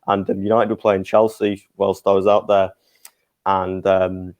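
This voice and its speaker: A young man with a lowish voice, telling stories in a casual podcast chat. He talks easily and laughs his way through the anecdotes. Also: little pitch movement, unhurried, a little mellow. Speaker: podcast co-host.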